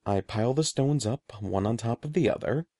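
A man voicing an old, sorrowful male wizard who speaks softly and gravely, halting with grief. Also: medium pitch, lively intonation, no room sound, studio quality, natural voice.

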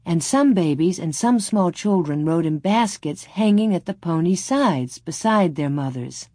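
A woman calmly reading a storybook aloud in a measured narrating voice. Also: on the low side, breathy edge, dry recording, studio quality. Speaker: audiobook narrator.

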